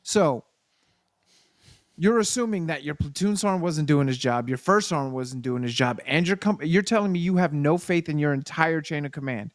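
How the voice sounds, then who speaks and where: A man who served in the Army, co-hosting a casual chat and telling an animated, profane story. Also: a little high, normal speed, no room sound, clean studio sound. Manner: animated storyteller, profane, acts out quoted people. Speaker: podcast co-host, Army veteran.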